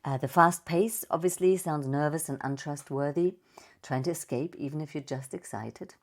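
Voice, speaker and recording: A woman voice coach giving a playful, expressive presentation with slides and vocal demonstrations. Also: sits low, normal speed. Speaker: voice and speaking coach.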